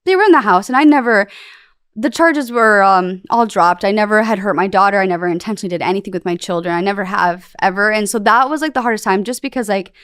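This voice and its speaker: A woman's voice: medium pitch, fast, fairly bright tone, smooth, no room sound, studio quality. A young woman talking candidly as a podcast guest, rambling and emotional, with plenty of fillers. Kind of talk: candid interview talk.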